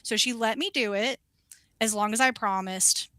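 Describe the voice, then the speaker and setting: A young woman, a wax specialist, telling an animated story in casual chat, swearing and acting out the voices of the people in it. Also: fairly high pitch, normal speed, no room sound.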